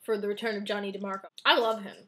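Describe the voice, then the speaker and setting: Excitable bright young woman co-host. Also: medium pitch, rapid-fire. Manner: enthusiastic, laughing, acting out scenes. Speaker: co-host reviewing a TV episode. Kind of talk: casual fan review chat.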